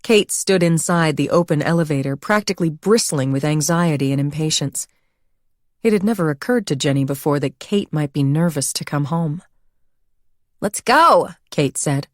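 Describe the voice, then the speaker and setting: A woman reading a thriller audiobook as narrator, in an even, measured storytelling manner. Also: low-pitched, no echo, studio quality. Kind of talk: scripted narration.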